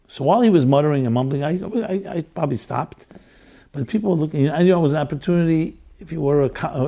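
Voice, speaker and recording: Gravelly older man telling a story. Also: mid-range voice, mellow. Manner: earnest, reflective, restarts mid-sentence. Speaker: rabbi teaching classes. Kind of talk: storytelling lecture.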